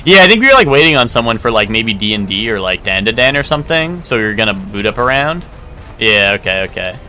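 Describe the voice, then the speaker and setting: A man giving casual live gameplay commentary, rambling with lots of fillers and the odd swear. His voice is bright and tense, with a lively, bouncing pitch. Faint game music plays underneath. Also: fast talker. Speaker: streamer.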